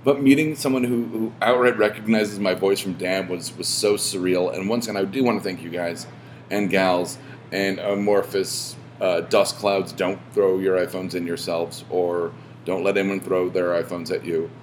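A man hosting a podcast, talking casually in a rambling way, full of fillers and restarts and swearing when he gets animated. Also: deep voice, normal speed, slight background noise. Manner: rambling, self-interrupting with many fillers and restarts. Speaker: podcast host.

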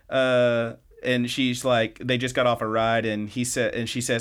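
A man hosting a podcast, casually recapping anime episodes in a chatty storytelling way, quoting characters in quick bits and swearing now and then. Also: medium pitch, level tone, a bit bright. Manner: loose, with frequent fillers and swearing. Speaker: podcast host.

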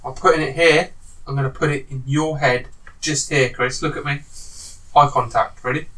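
A man's voice: medium pitch, fairly even intonation, normal speed, a bit bright. A man running a casual quiz among friends, giving clues in a teasing, bossy way. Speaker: quizmaster. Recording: distant from the mic.

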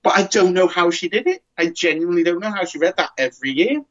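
A man's voice: sits high, lively intonation, fast talker, highs cut off, crowd noise. A man chatting casually as a podcast co-host, rambling and restarting his sentences often. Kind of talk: casual chat.

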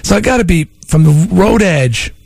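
A man's voice: high-pitched, lively intonation, moderate pace, vocal fry, darkish tone, no echo. A middle-aged man from Long Island, a radio host telling stories in a rambling way, full of restarts. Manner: rambling storyteller with many restarts. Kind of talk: casual talk radio chat.

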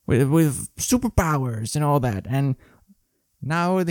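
A man's voice: fairly high pitch, lively intonation, slow pace, dry recording, clean studio sound. A man hosting a solo podcast, ranting sarcastically and profanely in a grumpy way. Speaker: podcast host.

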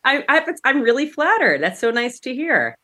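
A woman's voice: high-pitched, very animated, normal speed, bright, forceful tone. A woman speaking as a guest on a podcast, enthusiastic and gracious in casual interview talk. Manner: enthusiastic, gracious, a few filler restarts. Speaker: music show host, podcast guest.

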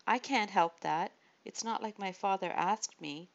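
Bitter young queen in an audiobook, resentful edge, as a woman reader plays her; low voice, dull lo-fi sound. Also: fairly even intonation, brisk. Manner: resentful, sharp.

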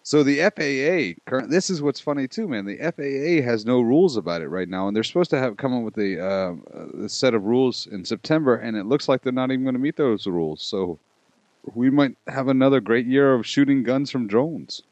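A man's voice: mid-range voice, lively intonation, fairly quick, darkish tone, dry recording. A man co-hosting a podcast in loose, casual chat, laughing often and swearing freely. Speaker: podcast co-host.

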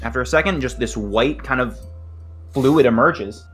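A man running a tabletop game who narrates the scene with a bright, forceful tone. He hesitates often and fills pauses with ums as he sets up each moment. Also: medium pitch, soft background music. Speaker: game master.

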